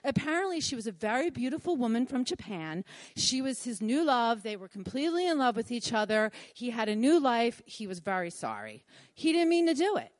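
Woman, middle-aged, live storytelling, animated, high pitch. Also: fairly quick, dry recording. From Philadelphia. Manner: animated, acts out her own and others' lines.

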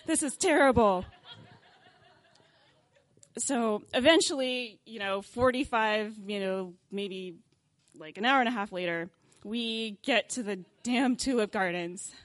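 Young woman, comic storyteller, lively and self-mocking, fairly high voice, dry close sound. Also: moderate pace, no echo. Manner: animated, self-mocking, acts out scenes, laughs often. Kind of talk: comic live personal story.

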